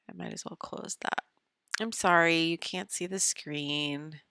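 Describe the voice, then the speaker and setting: A woman's voice: fairly low pitch, unhurried, a bit bright, smooth, no echo, studio quality. A woman hosting an astrology live stream, chatting casually and muttering half-whispered asides to herself while she fixes her screen sharing. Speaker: astrology show host.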